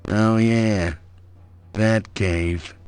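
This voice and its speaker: A man's voice: fairly low pitch, steady tone, very slow, a little mellow, clean tone, no echo. An actor playing a laid-back male villager in a video game, drawling with slangy, conspiratorial asides.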